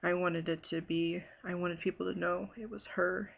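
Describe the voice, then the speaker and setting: A woman from Ohio telling a personal story in a halting, hesitant way, full of fillers and pauses. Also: on the low side, steady tone, vocal fry, muffled recording. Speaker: bereaved sister telling her story. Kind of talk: personal testimony.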